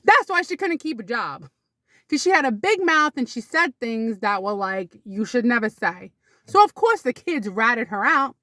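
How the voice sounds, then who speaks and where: A woman's voice: big pitch swings, moderate pace, pushed and bright, dry recording. Woman, casual vlog storytelling, rambling, dry close sound. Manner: chatty and rambling, with sudden high exclamations. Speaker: vlogger.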